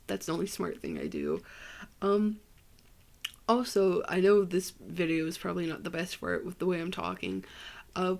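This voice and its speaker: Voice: medium pitch, creaky. A young adult from Ohio with a Midwestern American accent, hosting a casual solo podcast in a rambling, joking, self-deprecating way. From Ohio, USA. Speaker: podcast host.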